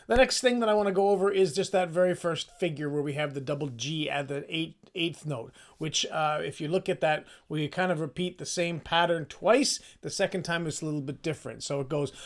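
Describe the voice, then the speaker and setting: A man leading a casual singing lesson, chatty and self-deprecating, explaining the score and singing short phrases to demonstrate. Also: a little high. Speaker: choir practice leader.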